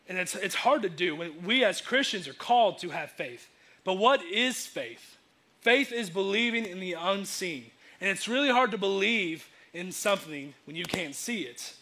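A young man preaching a sermon in a casual, energetic way, acting out the quotes he tells. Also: high voice, moderate pace. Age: young adult. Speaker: youth preacher.

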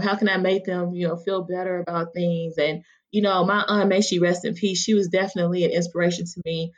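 A woman's voice: on the low side, flat delivery, a little fast, few pauses. A woman from Mississippi, a guest on a podcast, talking in an earnest, heartfelt way with many fillers. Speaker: podcast guest, chapter member. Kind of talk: casual interview talk. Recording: dull lo-fi sound.

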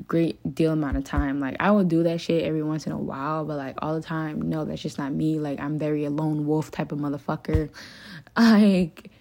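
A young woman with a notably low voice talks alone to her listeners in a raw, confessional ramble. She swears freely and leans on fillers like "like" and "um" as she vents. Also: steady tone, brisk, creaky, dark tone. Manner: profane, rambling, venting; frequent fillers like "like" and "um". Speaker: podcast host. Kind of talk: confessional solo monologue.

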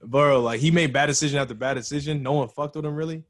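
A man's voice: fairly high pitch, quick pace. A young man in casual chat, bantering loosely with lots of slang and frequent laughter.

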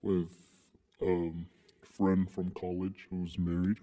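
A young man with a very deep, flat, mellow voice, talking in a halting, deadpan way. A long reverb hangs on every line. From Southern California. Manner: halting, repeats words, deadpan. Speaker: podcast co-host. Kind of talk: crude casual banter.

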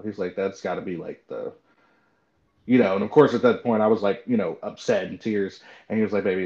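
A man hosting a podcast in casual chat, telling stories with lots of fillers and acting out what others said. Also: on the low side. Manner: animated storyteller, acts out quoted voices. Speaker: podcast host. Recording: dull lo-fi sound.

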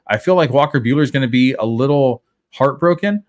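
Male co-host, mid pitch, relaxed, easygoing sports chat. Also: fairly quick, few pauses. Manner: relaxed, thinks aloud with fillers. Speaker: podcast co-host.

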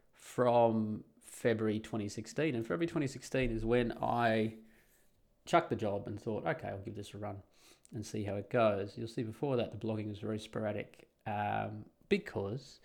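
A man's voice: on the low side, fairly even intonation, normal speed, vocal fry, a little mellow. An Australian man talking casually and bluntly on his solo podcast, rambling with sardonic asides. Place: home in the Netherlands.

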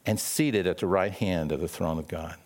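A man's voice: low-pitched, moderate pace. Man preaching a conversational sermon. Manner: conversational, repeats and restarts phrases, asks the listeners questions; acts out the brothers' lines in a raised, sharp voice.

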